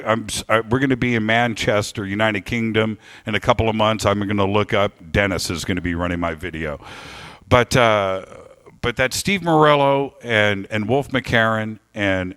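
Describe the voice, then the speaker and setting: A man speaking live to an audience, telling a story with lively emphasis and thanking people. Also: lowish voice. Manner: animated storytelling, warm thanks. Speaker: radio host giving a talk. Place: lecture hall with audience.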